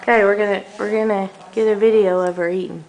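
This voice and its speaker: A woman's voice: medium pitch, steady tone, quick pace, a little mellow. A woman filming a baby at home with a camcorder, coaxing her in sing-song baby talk. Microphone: handheld camcorder.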